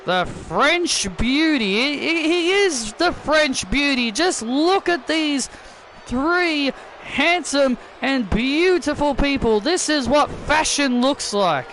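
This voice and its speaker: A man calling a wrestling video game in a casual play-by-play style. He rambles, repeats his lines and gets excited. His voice is high for a man and his delivery is slow, with noisy game sound behind him. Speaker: channel host, video game commentator.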